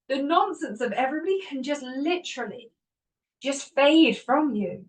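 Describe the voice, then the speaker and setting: A woman hosting a self-help podcast, talking in an animated way, laughing often and acting out her inner voices. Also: high voice, normal speed. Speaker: podcast host. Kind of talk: motivational self-help talk. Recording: voice a bit distant from the mic.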